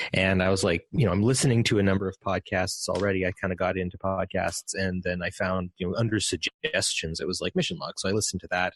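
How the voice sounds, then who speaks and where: Low-voiced man telling a rambling story. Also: fairly bright tone, dry recording. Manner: rambling, with many restarts and acted quotes. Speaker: podcast guest. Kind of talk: casual interview storytelling.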